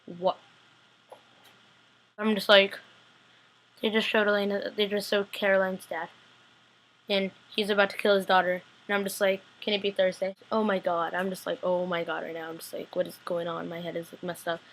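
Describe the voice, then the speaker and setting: A young woman recapping a TV episode on her laptop webcam, chatty and full of fillers, acting out scenes with sudden high-pitched squeals. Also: level tone, moderate pace. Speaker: vlogger reviewing a TV episode. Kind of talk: casual excited recap.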